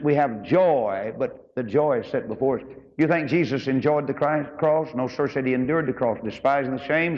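A man preaching a folksy sermon as pastor, rising high and slow when he quotes scripture. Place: church auditorium. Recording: dull recording in a large reverberant hall.

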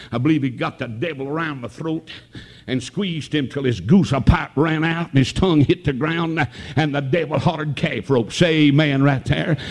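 Shouting Appalachian mountain preacher. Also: male voice, on the high side, vocal fry. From North Carolina mountains. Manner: folksy storytelling, breaking into shouted preaching. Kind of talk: revival sermon.

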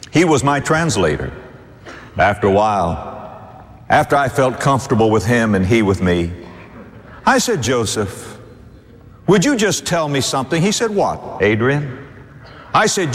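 Guy preaching hard, rhetorical questions, voice swoops way up and down, big echoey hall. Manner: emphatic, rhetorical questions, sweeping pitch swings. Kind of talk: sermon.

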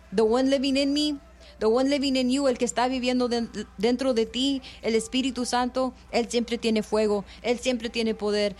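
Fervent woman preacher, high voice. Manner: fervent, switches between English and Spanish. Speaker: radio preacher. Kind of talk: bilingual sermon.

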